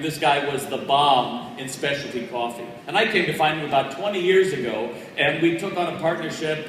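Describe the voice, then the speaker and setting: A man giving an energetic, conversational motivational speech, telling a story to an audience. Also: mid-range voice, a little hiss or hum. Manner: energetic, punchy, conversational delivery. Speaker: keynote speaker. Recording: distant echoey hall recording.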